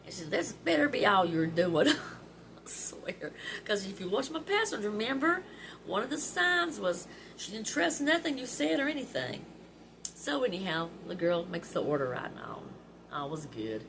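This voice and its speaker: A woman's voice: medium pitch, big pitch swings, moderate pace, gravelly. A middle-aged woman, telling heartfelt stories to her viewers in a chatty, emotional way. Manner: heartfelt and chatty, often laughing through tears. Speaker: vlog host. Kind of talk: personal storytelling. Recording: background noise.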